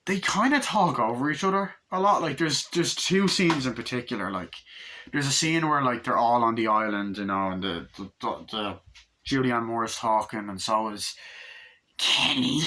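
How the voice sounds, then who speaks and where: A man's voice: mid-range voice, normal speed, bright, forceful tone. A young man giving a casual, rambling movie review, hyper and swearing a lot, slipping into silly voices for quotes.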